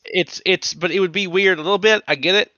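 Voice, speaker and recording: A man co-hosting a podcast in casual chat, animated and swearing, with many restarts. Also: sits high, brisk, no room sound, highs cut off. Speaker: podcast co-host.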